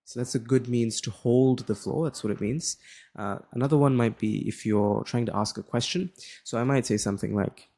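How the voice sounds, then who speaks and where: A young man, explaining a lesson in a relaxed, casual way and often checking in with "right?". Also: medium pitch, normal speed. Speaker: tutor.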